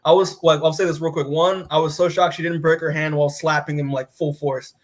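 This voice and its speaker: A man co-hosting a comic podcast, asking the group opening questions in a relaxed way. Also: a little high, a little fast. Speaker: podcast co-host. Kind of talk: casual podcast discussion.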